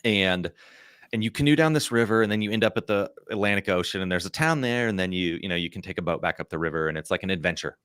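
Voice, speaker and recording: A man's voice: sits low, fast talker, fairly bright tone, smooth, dry recording, clean studio sound. A man in his thirties, a podcast guest, telling a story in a casual, rambling way full of "like" and "you know".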